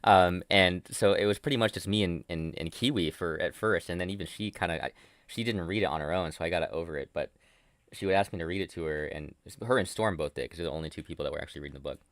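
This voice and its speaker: A man's voice: low-pitched, fast talker, no room sound. A man hosting a casual commentary chat who rambles, swears freely and mocks himself. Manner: rambling, swears a lot, self-mocking. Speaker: host.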